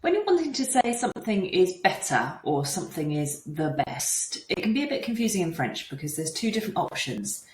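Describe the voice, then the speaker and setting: Woman, teacher; lower voice with lively swings; patient, repeats examples; roomy echo. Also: fairly quick, few pauses. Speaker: French teacher. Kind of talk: explanatory language lesson.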